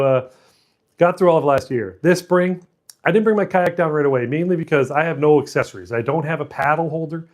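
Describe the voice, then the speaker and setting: A middle-aged man hosting his own channel, telling a story in a rambling, self-mocking way, laughing often and restarting sentences. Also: medium pitch. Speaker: channel host. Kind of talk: casual storytelling monologue.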